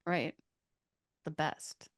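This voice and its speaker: A woman's voice: very slow, dry recording, clean studio sound. A woman co-hosting a casual sports podcast, joking and laughing as she chats. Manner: playful, joking, laughs often. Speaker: podcast co-host. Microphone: studio microphone.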